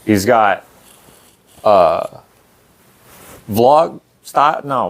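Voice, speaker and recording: A man's voice: lowish voice, normal speed. Rambling young man co-hosting a chat show. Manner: rambling, laughs often, drops into playful impressions. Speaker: podcast co-host. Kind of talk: casual chat.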